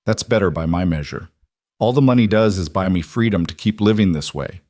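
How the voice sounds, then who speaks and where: A man's voice: sits low, a little fast, a little mellow, dry recording, clean studio sound. A man voicing a plain-spoken, protective frontier trapper in a storybook reading. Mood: reflective.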